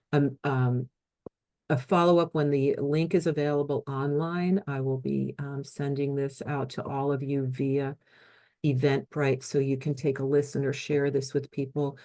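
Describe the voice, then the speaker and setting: Woman host, mellow dark tone, gracious, loose with fillers, video call. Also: a bass voice. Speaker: host and moderator. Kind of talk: webinar wrap-up and thanks.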